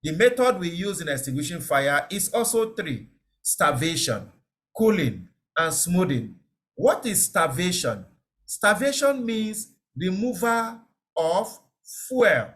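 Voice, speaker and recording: A man's voice: high-pitched, sing-song, slow pace, a bit bright. A man giving an online safety lecture, explaining step by step, repeating key words and checking that listeners understand. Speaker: safety trainer.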